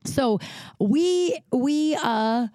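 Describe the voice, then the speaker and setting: An American woman comedian telling a story on a podcast, dramatic and animated, swearing freely. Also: high voice, drawn-out words, no room sound, studio quality. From United States. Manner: swears freely, many fillers.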